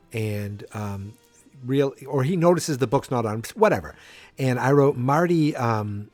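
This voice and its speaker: A man's voice: medium pitch, darkish tone, no echo. Rambling man hosting a solo podcast. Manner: rambling, self-interrupting, acts out scenes. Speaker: podcast host.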